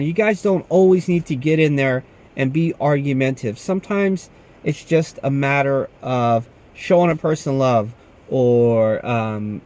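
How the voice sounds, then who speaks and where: A man's voice: medium pitch, a little mellow. Laid-back man who keeps saying "man". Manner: laid-back, says "man" often, tells stories with quoted dialogue. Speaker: security guard. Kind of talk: casual talk to camera.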